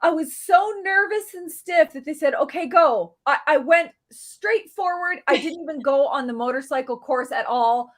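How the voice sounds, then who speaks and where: High-voiced encouraging woman guest. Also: moderate pace, hardly any pauses, a bit bright. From Canada. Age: middle-aged. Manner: earnest, encouraging storyteller. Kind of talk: casual interview chat.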